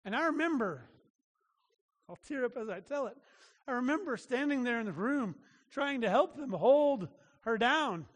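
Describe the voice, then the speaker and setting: A man's voice: very high-pitched, expressive, moderate pace, pauses often. A man preaching a sermon as a pastor, earnest and emphatic, often restarting his phrases. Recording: long reverb of a large hall.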